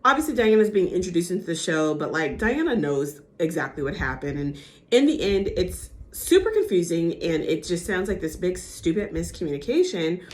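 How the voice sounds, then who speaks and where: A young woman recapping a reality TV episode in casual gossip chat, animated and acting out the cast's lines. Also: on the low side, moderate pace. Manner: animated, acts out quotes with impressions.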